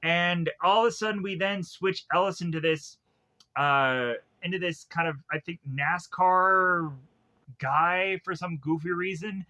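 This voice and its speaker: A man giving a casual spoken film review, rambling and halting with many filler words. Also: high-pitched, fairly even intonation, pushed and bright.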